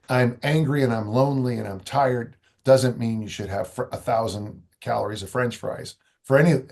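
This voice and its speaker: A man's voice: medium pitch, a little fast, gravelly, hardly any pauses, a little mellow. A man, a strength coach guest, talking in a loose, rambling way with dry humor. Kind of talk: conversational interview.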